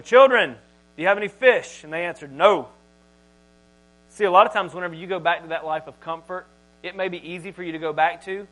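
A man preaching a sermon to a congregation, emphatic and animated, swinging between loud and quiet. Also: a little high, low-quality recording. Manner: animated, emphatic delivery with big swings in loudness. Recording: mains hum in background.

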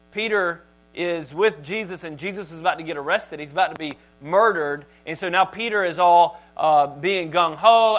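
A man with a high voice delivers a sermon in a church, preaching with animated emphasis. His volume rises and falls sharply as he drives his points home. A low mains hum sits beneath the recording. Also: rough recording. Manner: animated, emphatic delivery with big swings in loudness.

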